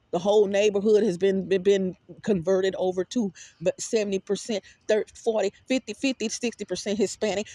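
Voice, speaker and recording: A woman's voice: mid-range voice, fairly quick, few pauses, no room sound. Emphatic woman rambling to viewers. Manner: animated and emphatic, repeats words, swears freely. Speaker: vlogger. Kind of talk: casual rambling monologue to viewers.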